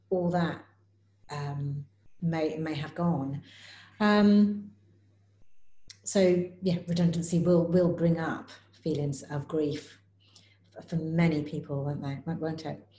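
A woman hosting an interview, talking in a thoughtful, halting way and ending points with tag questions. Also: low voice, steady tone, dark tone. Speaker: host, interviewer. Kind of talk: interview, casual chat. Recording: echoey room.

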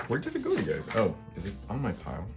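Talking fast over music, a middle-aged collage artist's voice sits on the low side and swoops wildly in pitch. He hosts a casual craft demonstration for his channel, thinking aloud and frequently adding a questioning "right?".

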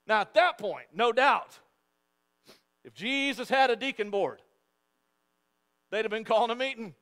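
A male pastor preaching a sermon in church, emphatic and repetitive, swinging between loud and hushed. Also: very high-pitched, expressive, unhurried. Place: church sanctuary.

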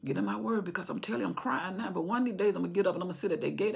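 A woman explaining a Bible chapter, swinging between loud preaching and hushed whispers. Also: medium pitch, racing, vocal fry, few pauses, slightly rough. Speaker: Bible teacher.

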